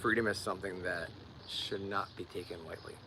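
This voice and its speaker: A man's voice: sits low, fairly even intonation, fairly quick, background noise. A man with a Philadelphia accent talking casually to viewers on a live stream, often repeating words as he searches for them. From Delaware County, Pennsylvania. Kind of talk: casual livestream chat.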